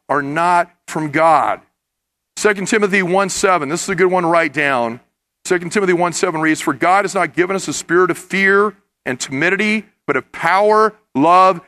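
A man with a fairly high, bright voice delivers a sermon. He speaks earnestly and often swells into impassioned emphasis. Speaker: pastor.

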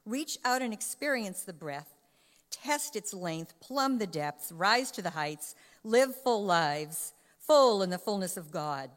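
A woman with a soft Boston accent reading scripture aloud in a sermon, with dramatic, varied emphasis. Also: mid-range voice, animated, slow, long reverb tail. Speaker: scripture reader.

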